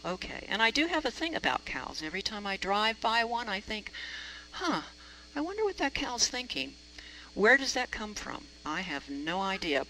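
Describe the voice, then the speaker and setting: A woman preacher spins a personal story in a chatty, self-deprecating way, her voice bright and forward. A faint hum sits under her voice. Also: mid-range voice, poor audio. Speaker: reverend. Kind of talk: storytelling sermon.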